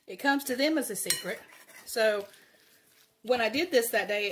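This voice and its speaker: A woman's voice: on the high side, moderate pace, long pauses, a bit bright, slight background noise. A woman with a Southern accent hosting a casual cooking video in her home kitchen, chatty and folksy, laughing often. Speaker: cooking channel host.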